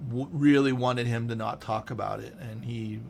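A man's voice: mid-range voice, steady tone, normal speed, vocal fry, darkish tone, slight background noise. A man hosting a podcast in casual chat, rambling with many restarts. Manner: rambling, self-interrupting, lots of restarts. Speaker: podcast host.

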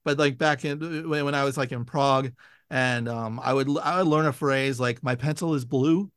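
A man from San Francisco chatting casually, telling lively stories and acting out what people said. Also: mid-range voice, moderate pace, smooth, no echo, clean studio sound. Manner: animated storyteller, acts out quotes in raised voices. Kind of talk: casual chat.

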